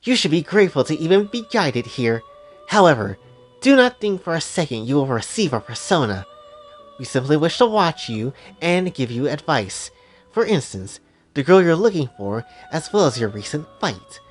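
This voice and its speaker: A man voicing a haughty, sharp-tongued young female attendant in a fan story retelling. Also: a little high, sing-song, normal speed, faint music behind, voice pushed up. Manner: commanding, condescending.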